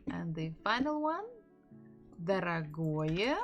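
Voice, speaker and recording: Woman, Russian accent, language teacher, live stream lesson, slow delivery, word-by-word drilling. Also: mid-range voice, expressive, lo-fi sound, soft background music. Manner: slow, drilling words by repetition.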